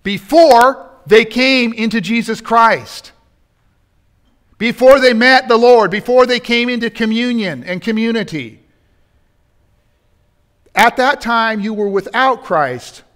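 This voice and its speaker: In a church sanctuary, a pastor with a high, fairly bright voice delivers a sermon. He builds to emphatic points and breaks off with asides to the congregation.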